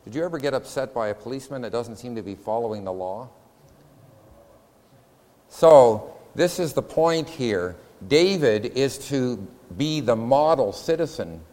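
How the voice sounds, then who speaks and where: A man lecturing a class in a methodical, step-by-step way, numbering his points and pausing to question the room. His voice sits at an ordinary middle pitch. A long reverb trails behind every phrase. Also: lively intonation, warm tone.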